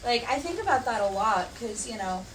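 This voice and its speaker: A young woman, a podcast guest, telling stories in a casual, animated way with many "um"s and "like"s. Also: on the high side, fairly quick. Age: young adult. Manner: animated storytelling, filler "um" and "like". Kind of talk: casual chat. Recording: distant mic, faint background noise.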